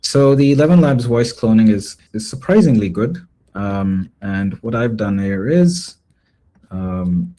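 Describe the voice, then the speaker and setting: A man teaching a live online class, explaining a demo casually with frequent pauses and filler words. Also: on the low side, warm tone. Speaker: workshop instructor.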